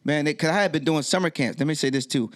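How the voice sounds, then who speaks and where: This middle-aged DJ, guesting on a podcast, speaks fast in a fairly high voice. He spins a story in easygoing interview chat, animatedly acting out each line of dialogue.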